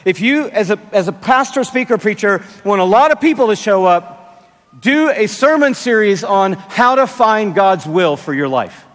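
Older guy in his 60s preaching, high voice, slow and emphatic, big echoey arena. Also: animated, fairly bright tone. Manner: emphatic, drawn-out phrasing with playful asides. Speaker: pastor. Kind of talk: sermon. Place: large arena. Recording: long arena reverb.

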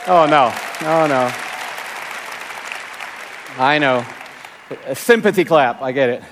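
A pastor in his sixties preaching a sermon in a large arena, with emphatic, drawn-out phrasing and playful asides. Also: medium pitch, a crowd in the background, noisy background. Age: 60s. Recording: long arena reverb.

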